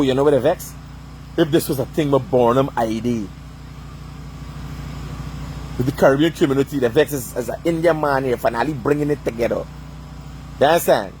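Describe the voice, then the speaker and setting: A man's voice: a little high, a little mellow, slight background noise. A man delivering a heated, profane rant, swearing constantly and asking "you understand?" over and over. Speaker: vlogger.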